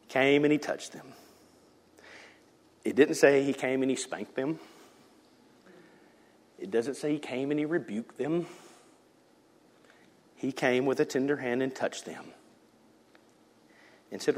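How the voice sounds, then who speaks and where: A male pastor preaching a sermon, swinging between shouted lines and hushed whispers. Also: medium pitch, slow, long pauses. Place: church sanctuary. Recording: church hall reverb.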